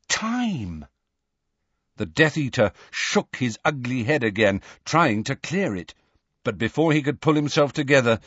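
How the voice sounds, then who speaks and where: A male audiobook narrator reads with a dramatic, lively delivery and a voice that rises and falls widely. His tone is a little husky. The recording is dull and very dry. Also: mid-range voice, no room sound. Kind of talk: scripted narration.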